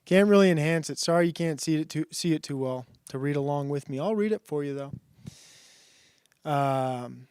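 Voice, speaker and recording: A man talking on a stream in a loose, halting ramble, stopping often on fillers. His voice sits a bit high for a man, and the sound is close and dry. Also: a little mellow, clean tone, no echo. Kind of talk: casual stream chat.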